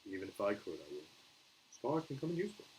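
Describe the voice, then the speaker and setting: A man reading a storybook aloud and voicing an old, wise wizard who speaks in a calm, measured, dryly humorous way. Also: fairly low pitch, slight background noise, low-quality recording. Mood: calm, wry.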